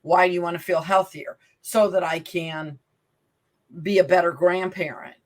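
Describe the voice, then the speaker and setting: A woman in her fifties co-hosting a casual chat, playful and teasing, with quick asides. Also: on the low side, steady tone. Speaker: podcast co-host and life coach.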